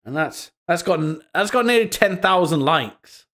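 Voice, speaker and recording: Laughing a lot, a young streamer swears and mocks the social media posts he reacts to live. He speaks at a measured pace in a high-pitched, expressive, slightly bright voice.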